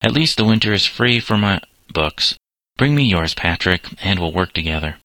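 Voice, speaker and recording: A man reading aloud, voicing a modest young farmer who speaks gently and earnestly. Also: low-pitched, lively intonation, moderate pace, dry recording. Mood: kindly.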